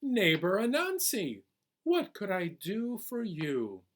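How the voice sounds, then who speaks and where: A man voicing a kind-hearted male pig neighbor in a children's story, gentle and neighborly. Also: high-pitched, wildly swooping pitch, takes it slowly, pitched above the performer's own voice, exaggerated voice. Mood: friendly.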